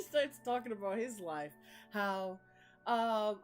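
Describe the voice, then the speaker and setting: A young woman chats through a book chapter in a loose, slangy way. She laughs a lot and trails off with fillers. Faint music plays softly under her voice. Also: medium pitch, animated, measured pace. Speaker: book vlogger. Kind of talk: casual chapter recap.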